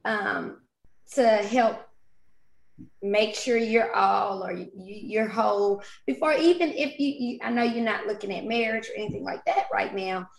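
Woman host, gravelly edge, gentle probing questions; echoey room. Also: mid-range voice, measured pace. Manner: gentle, searching questions with restarts. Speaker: podcast host. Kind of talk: casual interview. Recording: roomy sound.

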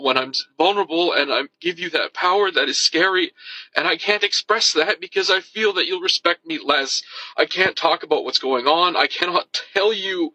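A man's voice: sits high, sharp tone, no room sound, poor audio. A man speaking earnestly and vulnerably about his fears, in a confiding monologue. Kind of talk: confessional monologue.

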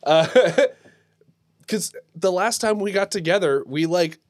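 A young man in his twenties in a casual chat as a podcast co-host, relaxed and chuckling, with frequent filler words. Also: high-pitched, slow, no echo.

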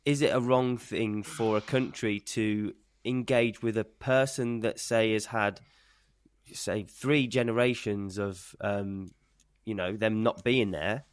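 A man's voice: on the low side, steady tone, slow pace, clear, resonant tone, no room sound, clean studio sound. A man co-hosting a casual sports podcast, challenging the others with pointed questions. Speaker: podcast co-host.

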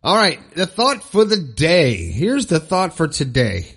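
A man's voice: fairly high pitch, huge pitch swings, unhurried, fairly bright tone, husky. A middle-aged man hosting a solo motivational podcast, upbeat and rambling, often repeating phrases for emphasis. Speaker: podcast host. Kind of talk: solo motivational talk show.

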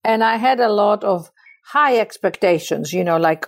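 A woman's voice: medium pitch, moderate pace. A woman from Greece, telling stories passionately as a guest in a spiritual conversation. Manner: passionate, animated storyteller. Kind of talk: reflective storytelling conversation.

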